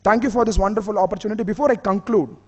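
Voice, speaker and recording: Indian-accented man, high voice, conference speaker, emphatic and repetitive, hall echo. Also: very fast, slightly rough, lo-fi sound. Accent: Indian English. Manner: emphatic, repeats key phrases. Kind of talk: motivational conference speech. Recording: reverberant hall.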